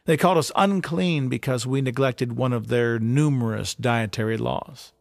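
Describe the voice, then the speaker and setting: A man telling a dramatic first-person story as a fisherman disciple, halting and stammering with wonder. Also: medium pitch, vocal fry, no echo, studio quality. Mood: earnest, wondering. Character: fisherman disciple recalling his teacher, earnest.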